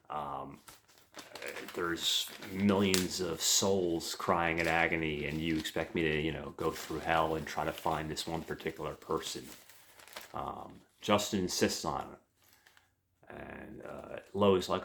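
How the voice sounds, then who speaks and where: A man casually recounting a movie in a review, hesitant and meandering. His voice sits very low, with a gravelly fry. He keeps addressing his listeners as guys. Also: slow pace, a bit bright.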